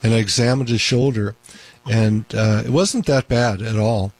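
A man's voice: lowish voice, fairly even intonation, normal speed, a little mellow, dry recording. A man hosting a call-in radio show as a doctor, talking in an emphatic, repetitive way. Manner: talkative, emphatic, repeats points.

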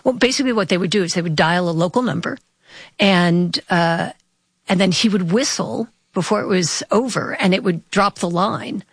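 A woman's voice: on the low side, moderate pace, breathy edge, no echo, clean studio sound. A woman guest on a radio discussion, explaining things in a chatty way with frequent restarts. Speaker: guest commentator.

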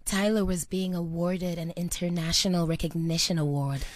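A woman's voice: fairly low pitch, steady tone, moderate pace. A woman radio presenter, narrating a story skit in a wry, matter-of-fact way.

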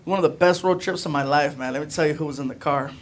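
A male stand-up comedian telling an animated story on stage, recorded live with audience noise in a comedy club. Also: a little high, quick pace. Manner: animated, building to shouts.

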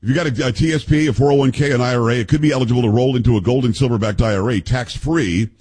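Man, talk radio host, husky voice, emphatic and scornful delivery. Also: medium pitch, racing, a little mellow. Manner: combative, mocking, emphatic.

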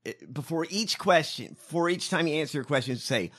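A man's voice: a little high, lively intonation, a little fast, fairly bright tone. A man hosting a podcast, ranting with profanity and disbelief as he reacts to clips. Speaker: podcast host. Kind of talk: casual commentary on clips.

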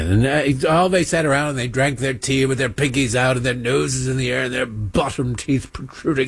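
A man's voice: medium pitch, normal speed, vocal fry, few pauses, husky, dry recording. A middle-aged man hosting a political talk show, delivering a sarcastic, mocking monologue. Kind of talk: opinionated monologue with mocking impressions.

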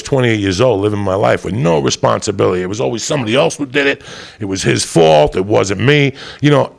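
Rough gravelly guy doing foul-mouthed standup, rambunctious and loud. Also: lowish voice. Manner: loud, brash and rambunctious, swearing constantly. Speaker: stand-up comedian. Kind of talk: profane stand-up storytelling.

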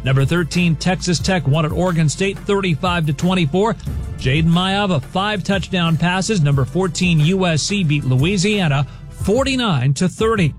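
A man reading a scripted sports news update with a brisk newsreader delivery. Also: high voice, faint music behind.

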